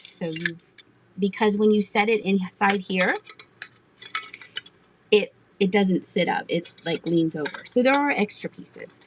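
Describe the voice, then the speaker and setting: A middle-aged woman sells vintage pieces on a live stream, with a voice pitched in the ordinary middle. She chats casually and giggles, answering viewers in the chat as she goes. A faint hiss sits under her voice. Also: low-quality recording. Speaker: live-stream auction seller.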